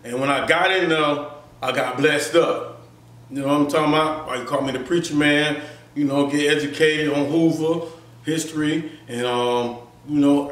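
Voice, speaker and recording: A man tells his story in an animated, casual way and keeps checking in with the listener. His voice sits high. He is recorded off-mic in an echoey room. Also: far from the mic. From Florida, US. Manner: animated, acts out voices, frequent "you feel me". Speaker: interview guest.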